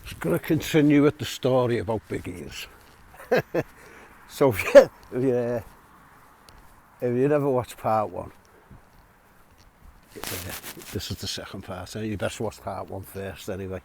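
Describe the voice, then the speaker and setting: Gravelly middle-aged English man rambling. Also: fairly low pitch, unhurried, long pauses, darkish tone. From England. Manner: rambling, chatty, with chuckles and restarts. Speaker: vlogger telling prison stories. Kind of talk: casual storytelling. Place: outdoors, walking a dog.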